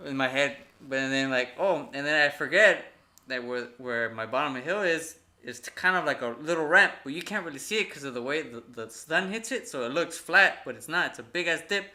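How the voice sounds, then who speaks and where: A young man of part-Mexican background with a high voice tells stories on a casual podcast. His sound is bright and ringing. He rambles and swears freely, and he acts out what people said. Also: animated, fairly quick. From part Mexican family. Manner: profane, rambling, acts out quotes. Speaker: podcast co-host. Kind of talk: casual storytelling among friends.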